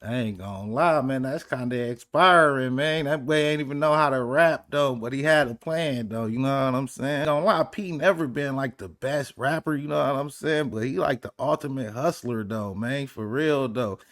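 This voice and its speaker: A man's voice: mid-range voice, normal speed, few pauses, fairly bright tone. Laid-back man giving slangy reaction commentary. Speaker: reaction channel host.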